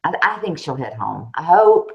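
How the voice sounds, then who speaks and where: A Southern woman with a fairly low voice chats casually as a co-host. She is animated and talkative, and her pitch swings widely as she talks. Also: normal speed, gravelly, dull audio, a crowd in the background. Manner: animated, chatty, laughs often. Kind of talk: casual chat.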